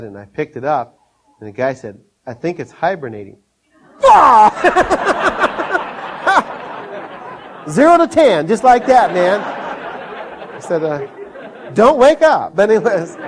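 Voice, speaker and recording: An older man from Minnesota preaching a sermon, telling folksy stories, chuckling often and acting out scenes in a raised voice. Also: mid-range voice. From Minnesota, USA.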